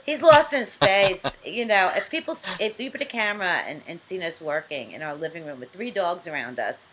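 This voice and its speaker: A woman's voice: fairly low pitch, expressive, a little fast, background noise. A woman hosting a casual chat over a video call, talking freely with frequent restarts and laughter. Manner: chatty, laughs often, many restarts. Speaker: host.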